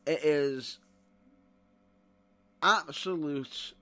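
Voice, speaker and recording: A man hosting a podcast and ranting in exasperation, rising to loud outbursts. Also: on the high side, extremely slow. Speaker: wrestling podcast host. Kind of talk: opinionated commentary.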